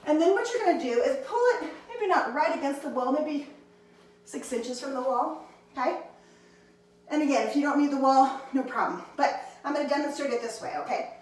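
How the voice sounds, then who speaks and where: A woman's voice: high-pitched, lively intonation, fairly quick, a little mellow, very echoey, recorded from a distance, rough recording. A woman teaching a handstand class, encouraging her students and counting reps aloud, a little out of breath. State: slightly out of breath. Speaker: handstand instructor. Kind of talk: fitness class instruction.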